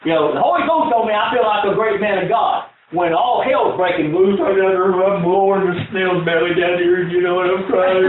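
High-voiced preacher man in echoey, tinny audio. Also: brisk. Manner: folksy storytelling, rising to shouted preaching. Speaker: pastor. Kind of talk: sermon. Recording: echoey, distant, tinny phone-like audio with faint noise.

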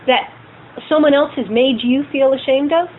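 A middle-aged woman with a high voice, speaking at normal speed, candidly shares personal stories with a group she leads. Her storytelling is animated, with acted-out quotes, and the recording sounds tinny and phone-like with faint noise.

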